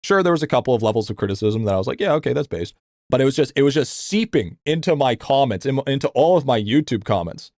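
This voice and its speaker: Young male game streamer, mid-pitched, dry close sound; swears a lot, rambles with restarts, gets loud and high when venting. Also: quick pace, hardly any pauses, no room sound. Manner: profane, rambling, repeats himself with stammered restarts; animated, voice jumps higher when venting. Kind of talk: casual live-stream rant, reading chat.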